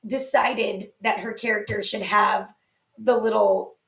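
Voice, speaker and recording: A woman's voice: medium pitch, fairly even intonation, measured pace, creaky, a bit bright. A young woman co-hosting a podcast, chatting casually and adding movie trivia. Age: young adult. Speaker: podcast co-host. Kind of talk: casual chat.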